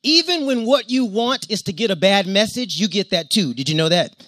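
A man delivers an interactive sermon, his voice sitting on the higher side for a man. He calls out questions and draws answers from the congregation, then slips into steady yoga-style breathing and posture cues. The sound is dry and close, with little room around it. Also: brisk, no room sound. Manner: animated, addresses the congregation directly, draws on personal stories. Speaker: preacher and yoga teacher. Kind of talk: interactive sermon with call-and-response.

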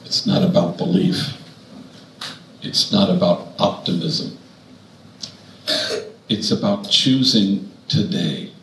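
A priest with a fairly low voice tells stories from the pulpit, wry at first and then earnest. His voice rings in a roomy hall, with a faint hum of the room behind him. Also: takes it slowly, creaky, long pauses, a bit bright. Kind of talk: storytelling sermon to an audience.

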